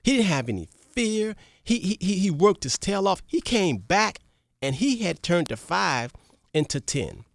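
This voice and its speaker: A radio talk show host retelling a parable to listeners, animated and repetitive, checking in with the audience. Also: mid-range voice, a little slow, creaky, dry recording.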